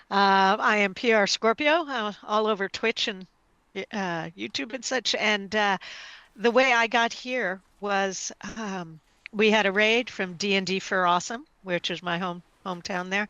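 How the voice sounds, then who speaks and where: A woman's voice: medium pitch, sharp tone, clear, resonant tone, no room sound. A woman introducing herself as a player in a tabletop game, friendly and easygoing with lots of fillers. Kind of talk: casual self-introduction.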